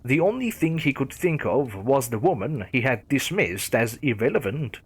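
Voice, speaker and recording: A male narrator telling a horror story in a dramatic, measured reading. His voice is husky and moves with lively pitch.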